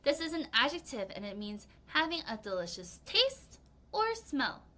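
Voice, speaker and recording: Lively, bright-voiced young woman teacher. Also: sits high, normal speed. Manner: expressive, acts out example reactions with gasps and exclamations. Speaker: English vocabulary teacher. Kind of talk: recorded vocabulary lesson for young students.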